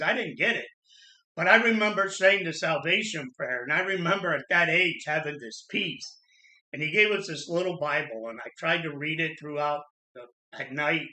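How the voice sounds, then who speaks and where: Earnest man with a bright voice. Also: fairly high pitch. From Florida. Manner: earnest, halting, with pauses and restarts. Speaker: vlogger telling his life story. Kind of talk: personal storytelling monologue. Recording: echoey room.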